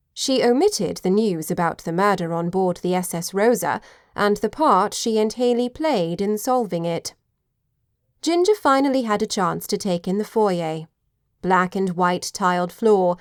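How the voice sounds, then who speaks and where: A woman's voice: mid-range voice, no room sound, clean studio sound. Woman narrating an audiobook. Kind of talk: scripted narration.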